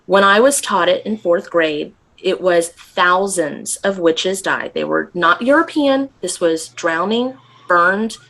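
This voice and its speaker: A woman's voice: on the low side, takes it slowly, a bit bright. Intense, emphatic woman podcast guest. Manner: intense, emphatic, swears freely. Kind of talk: casual podcast chat.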